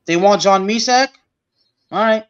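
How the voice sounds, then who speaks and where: A man joking around on a football podcast, stumbling and restarting his sentences as he talks. His voice is fairly high. The audio is muffled and lo-fi. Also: measured pace, smooth. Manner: stammering, joking banter. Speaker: podcast co-host. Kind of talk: casual sports chat. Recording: dull lo-fi audio.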